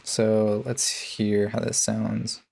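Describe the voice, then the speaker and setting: A man with a low, gravelly voice walks through his mixing chain in a relaxed tutorial. He speaks in a flat, even tone and fills his pauses with ums and uhs. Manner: laid-back, many ums and uhs. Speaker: music producer. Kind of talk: casual tutorial narration.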